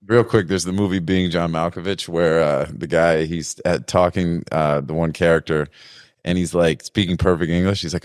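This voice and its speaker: Deep-voiced man telling a story. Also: steady tone, normal speed, no room sound, studio quality. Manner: loose storytelling with many fillers. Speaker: podcast co-host. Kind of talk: casual chat.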